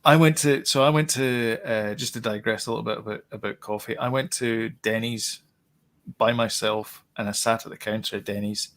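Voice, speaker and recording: A man co-hosting a podcast, telling stories in an animated, mock-exasperated casual chat. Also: lowish voice, normal speed. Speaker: podcast co-host.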